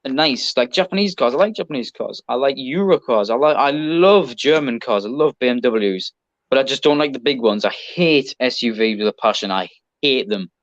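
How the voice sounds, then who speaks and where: A man's voice: mid-range voice, animated, normal speed, no room sound. English man, podcast guest, rambling chatty talk, dry dull lo-fi sound. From Britain. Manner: rambling, chatty, lots of ums and restarts. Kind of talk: casual chat.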